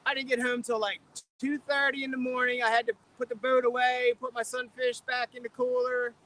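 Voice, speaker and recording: Speaking a bit fast, the man has a very high, sharp voice with a level tone. He's a middle-aged or older fishing streamer from the Philadelphia area, relaxed and chuckling on his boat at dusk on a river while he reads the live chat and names viewers.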